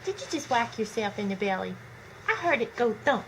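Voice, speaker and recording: A mother coaxing her baby in slow, sing-song baby talk at home. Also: on the high side, sing-song, a bit bright. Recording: noisy home video.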